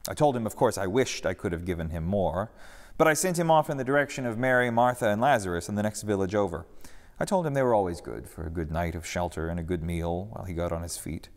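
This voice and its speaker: A man voicing a good-natured rabbi teacher who speaks calmly and matter-of-factly in a reverberant hall. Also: sits low, fast, natural voice. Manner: unruffled, gently matter-of-fact.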